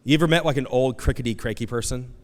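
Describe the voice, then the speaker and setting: A man preaching a conversational, animated sermon as pastor, acting out quoted voices. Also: medium pitch, quick pace. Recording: long hall reverb.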